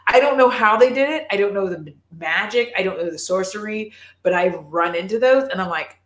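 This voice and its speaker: Animated, foul-mouthed woman chatting casually on a live call; room echo. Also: mid-range voice, fairly quick. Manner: swears freely, rambly and animated. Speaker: guest on a live chat stream. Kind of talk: casual chat.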